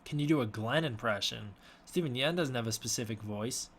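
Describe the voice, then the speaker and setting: A man's voice: mid-range voice, a little fast, fairly bright tone, slightly rough. A young man casually answering chat questions on a live stream from his room, mumbling and unsure of himself. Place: home room with a snake tank.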